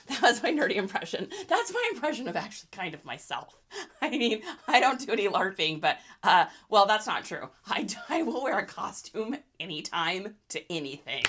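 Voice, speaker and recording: A woman's voice: medium pitch, very animated, moderate pace, a bit bright. A young woman hosting a casual reseller livestream, chatting in a bubbly way with lots of fillers and laughs.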